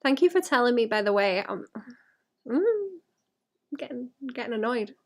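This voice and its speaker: A woman's voice: a little high, sing-song, measured pace. A woman artist talking to her stream chat while painting, sweary and self-mocking, often muttering and whispering to herself. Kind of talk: live-stream chat with viewers.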